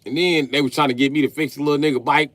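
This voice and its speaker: Racing along in a fairly high-pitched voice with no echo, a man in his late thirties tells animated, foul-mouthed comic stories on a livestream. He laughs mid-story as the rant rolls on.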